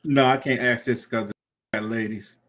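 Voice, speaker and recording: A man's voice: mid-range voice, fairly even intonation, normal speed, a bit bright. A man hosting a casual live stream, reading out viewer comments and laughing often. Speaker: livestream host.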